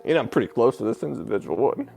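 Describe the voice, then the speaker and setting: A man telling a painful personal story as an interview guest, halting and breaking off with filler sounds, sounding close to tears. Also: medium pitch, big pitch swings, gravelly, darkish tone, slight background noise. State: emotional, near tears. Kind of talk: emotional personal account.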